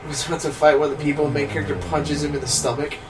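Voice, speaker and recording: A young man chatting casually on a movie commentary, an animated storyteller who laughs often and slips into loud impressions. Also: on the high side, very fast. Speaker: co-host. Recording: noisy, distant room recording.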